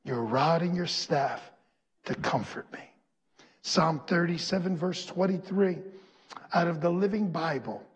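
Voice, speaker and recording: A male pastor preaching a sermon, leading the congregation to repeat lines back, slowing on key phrases and building to shouts. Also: fairly high pitch, slightly rough, long reverb tail. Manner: slows and stresses key phrases, rising to shouts. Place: church.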